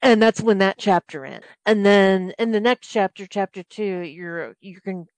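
A woman's voice: mid-range voice, measured pace, no echo, low-quality recording. Rambling woman recapping a game plot. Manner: rambling, lots of restarts and "um"s.

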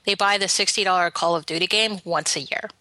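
Bright-voiced woman arguing her point. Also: lowish voice, fairly quick. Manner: firm, argumentative. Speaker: podcast co-host. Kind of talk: casual podcast debate.

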